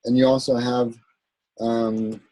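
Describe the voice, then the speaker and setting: A man teaching an Arabic grammar lesson in a recorded class, explaining patiently with many pauses, ums and restarts. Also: medium pitch, little pitch movement, warm tone, rough recording. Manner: halting, searching for words, many ums and restarts; explains a grammar point patiently, checking with "right?".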